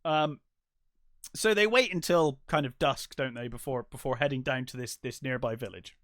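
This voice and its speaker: A man co-hosting a casual film podcast, talking in an animated way and acting out his own reactions. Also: medium pitch, normal speed. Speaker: podcast co-host.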